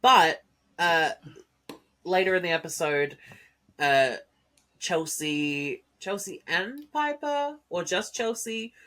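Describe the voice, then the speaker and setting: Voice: mid-range voice, expressive, slow, long pauses, pushed and bright. A podcast co-host in casual chat about wrestling, making dry, brief remarks.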